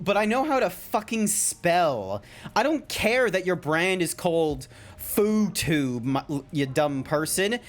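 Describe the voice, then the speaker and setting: Australian male streamer, higher-pitched, very lively, swears, reads game lines aloud. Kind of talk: casual game commentary.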